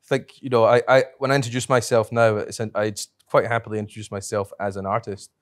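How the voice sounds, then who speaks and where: A lower-voiced man with a strong brogue chats on a podcast, drifting through long thoughts and correcting himself as he goes. The sound is close and dry, with no room around it. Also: little pitch movement, fast talker, dry recording. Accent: strong brogue, not New Zealand. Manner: thoughtful, rambling, self-correcting. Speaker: podcast co-host and festival director. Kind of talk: casual podcast chat.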